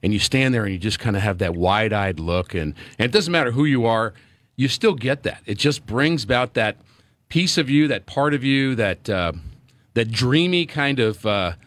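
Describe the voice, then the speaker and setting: A man's voice: medium pitch, expressive, normal speed, fairly bright tone, no echo. A middle-aged man, a former player turned radio broadcaster, talking earnestly in a sports radio pregame chat with many fillers and restarts.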